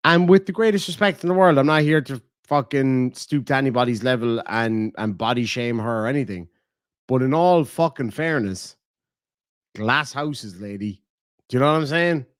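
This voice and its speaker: Irish male streamer, blunt and profane, mid-pitched, dry close sound, casual donation-reading chat. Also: normal speed, no room sound. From Ireland. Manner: blunt and profane, animated swings in loudness. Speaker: livestream host.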